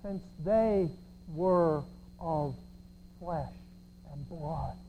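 A pastor preaching a sermon, sarcastic, swinging from shouts to quiet asides. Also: mid-range voice, very slow, slight background noise, rough recording. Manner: sarcastic, swinging between shouts and near-whispers.

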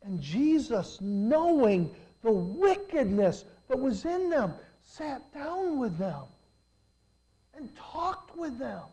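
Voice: sing-song, poor audio. A pastor preaching with dramatic swings. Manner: swings from quiet, slow reflection to loud, rising emphasis; acts out quoted people in lowered voices. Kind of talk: preaching a sermon.

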